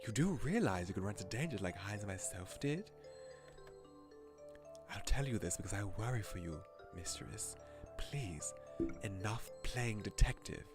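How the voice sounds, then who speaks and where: A man voicing a proper, protective male butler with a low, formal way of talking. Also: lively intonation, lightly acted. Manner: formal, low, measured, softly scolding. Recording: game music behind.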